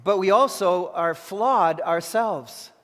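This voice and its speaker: High-voiced male pastor, impassioned sermon delivery, recorded in a reverberant church hall. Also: slow pace. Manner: impassioned, voicing anguished prayer then calm teaching.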